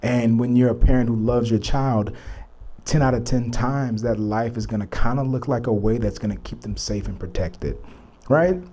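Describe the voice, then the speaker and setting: A man's voice: medium pitch, moderate pace, warm tone. A young man from Texas telling a personal story to camera, earnest and reflective, full of "you know" and "like". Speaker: vlogger.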